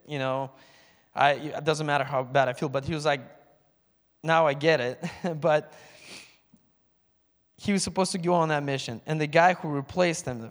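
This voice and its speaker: Here a man with a fairly high-pitched voice delivers a sermon testimony, and the audio has a big-room quality. Telling his personal story in church, he raises his voice when acting out phone calls.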